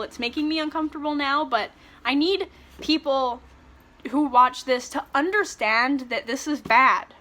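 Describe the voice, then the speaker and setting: A woman giving a ranting book review, retelling scenes in an animated, sarcastic way and swearing freely. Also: a little high.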